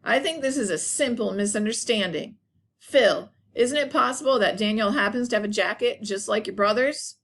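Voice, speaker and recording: A woman's voice: mid-range voice, moderate pace, a bit bright. A woman voicing a firm female school principal in a read-aloud story. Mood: reasoning.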